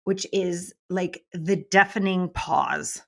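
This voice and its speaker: A middle-aged woman, a business mentor guest, talking in a casual, animated way and acting out quoted voices. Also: lowish voice, takes it slowly, creaky. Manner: animated, acts out quoted voices, laughs often. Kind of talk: casual interview talk.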